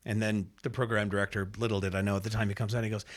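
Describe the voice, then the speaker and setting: A man in his fifties from Reno, Nevada, a radio host and sports announcer telling stories as a podcast guest, animated and acting out the people he describes, with plenty of fillers. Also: fairly low pitch, very fast. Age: 50s. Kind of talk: casual storytelling interview.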